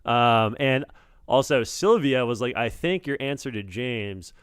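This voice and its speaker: A man's voice: medium pitch, a little slow, fairly bright tone, smooth, no echo, studio quality. A man co-hosting a talk show in casual chat, who thinks aloud and repeats words while he searches for them. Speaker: co-host.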